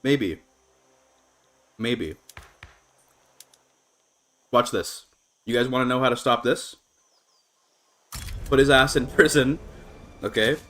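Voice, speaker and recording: In a mid-range voice, slow and full of pauses, a man casually narrates his strategy game on stream. Fillers and restarts run through his thinking aloud, he laughs a lot, and his pitch jumps when excitement takes over.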